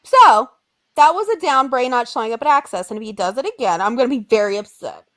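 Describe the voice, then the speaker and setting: A woman's voice: fairly high pitch, fast talker. A woman in her twenties co-hosting a podcast, telling stories in casual chat and acting out what people said. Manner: animated, dramatic storytelling with acted-out quotes. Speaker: podcast co-host.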